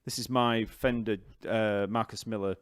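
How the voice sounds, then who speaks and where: A man with a Yorkshire accent, a bass teacher chatting casually on a live stream, rambling and reading out viewer comments. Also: steady tone, normal speed. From Yorkshire, northern England.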